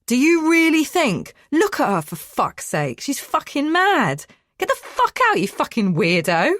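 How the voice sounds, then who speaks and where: A man's voice: on the high side, moderate pace, dry recording, lightly acted. A woman voicing a flustered man, swearing at first and then coaxing, in a dry close recording. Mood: angry. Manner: swearing, agitated then soothing.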